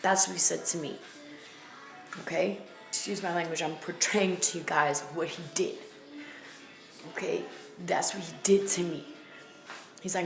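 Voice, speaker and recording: A woman's voice: lowish voice, steady tone, moderate pace, gravelly, pauses often. A woman from the Bronx, telling her own story to her viewers bluntly and emphatically, repeating phrases for weight. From the Bronx, New York. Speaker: vlogger. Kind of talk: candid personal storytelling to camera. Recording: echoey room with faint music.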